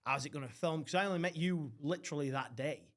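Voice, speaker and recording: A young man spins rowdy holiday tales in loose podcast chat. His voice sits slightly high for a man, and he drops into quick impressions of the people he describes. The swearing is constant and casual. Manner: swearing, animated, mimics others. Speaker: podcast host.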